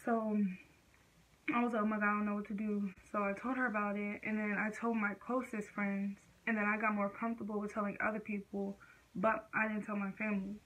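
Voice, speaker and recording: A woman's voice: mid-range voice, flat delivery, brisk, a bit bright, slight background noise, rough recording. A teenage girl vlogger telling a personal story in casual, slangy speech full of fillers.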